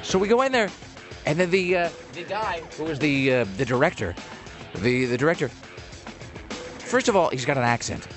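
A man's voice: fairly high pitch, expressive, moderate pace, long pauses, over music. A man casually telling a long story on a podcast, rambling with lots of fillers and restarts.

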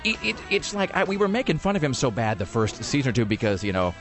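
A man's voice: mid-range voice, sing-song, fast, few pauses, a bit bright, faint music behind. A man hosting a podcast, rambling sarcastically in casual chat about a TV show. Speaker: podcast host reviewing TV.

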